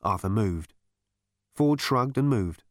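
Guy reading a story aloud, wry and dry, mid pitch but lots of movement, dead dry room. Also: animated, slow pace, no echo. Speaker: audiobook narrator. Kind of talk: scripted narration.

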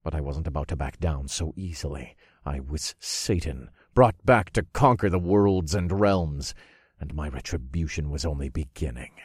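A man giving measured, dramatic first-person narration of a fantasy audiobook. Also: a bass voice, animated, breathy edge, no echo, clean studio sound.

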